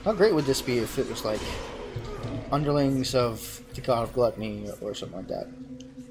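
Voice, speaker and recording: A man's voice: mid-range voice, animated, moderate pace, background noise. A man giving casual gameplay commentary with wry, joking asides. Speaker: gaming channel host.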